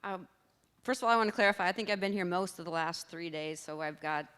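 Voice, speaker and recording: A woman's voice: on the low side, quick pace, a bit bright, smooth. A woman in the audience asking a question in a chatty, rambling, self-deprecating way. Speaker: audience member. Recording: reverberant hall sound.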